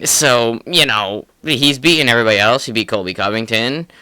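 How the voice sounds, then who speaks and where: Casting: young male podcast co-host, excitable and profane, clear bright tone. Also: medium pitch, fairly quick, dry recording. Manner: excitable, profane, laughs often. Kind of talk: casual sports chat.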